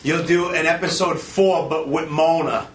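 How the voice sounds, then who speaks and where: A man's voice: fairly high pitch, fairly even intonation, normal speed. A man hosting a podcast, laid-back and swearing casually. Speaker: podcast host. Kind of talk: casual chat.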